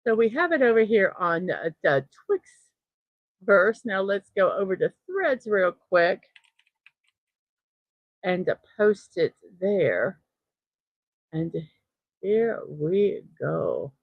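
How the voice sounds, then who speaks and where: A woman with a mid-range, sing-song voice runs a relaxed daily morning livestream from home, a fan running in the room. She speaks slowly, pausing often, chats easily, gets distracted, and welcomes each chatter individually. There's no echo, though the highs are cut off.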